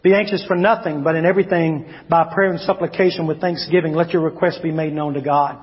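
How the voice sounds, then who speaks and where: Male pastor, high voice, emphatic sermon delivery, dull lo-fi recording. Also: steady tone, fast. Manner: preaching with swings from loud emphatic shouts to low quiet asides. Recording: long hall reverb, dull lo-fi sound.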